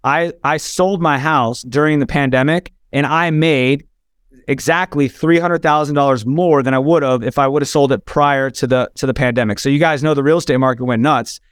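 A man's voice: mid-range voice, steady tone, moderate pace, clean tone, no room sound, studio quality. A man telling an emotional personal story as a podcast guest, earnest, with frequent restarts.

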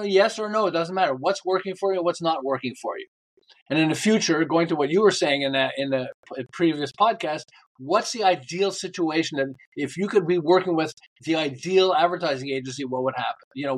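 Older man, slightly high, animated podcast guest telling sales stories. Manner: animated storyteller acting out quoted lines. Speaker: guest, book author. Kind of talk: storytelling in a podcast interview.

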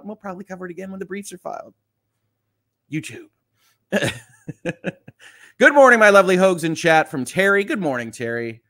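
Man from Michigan, livestream host, mid-pitched, chatty, reads the chat and riffs on it. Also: bright, forceful tone. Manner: chatty, reads viewer comments aloud with quips. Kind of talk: casual morning livestream chat.

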